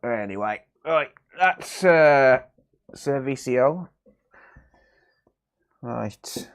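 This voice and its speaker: A man's voice: mid-range voice, expressive, very slow. A man chatting casually and crudely with viewers during a live repair stream. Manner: crude joking banter with chat, sweary. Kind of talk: casual livestream chat while repairing.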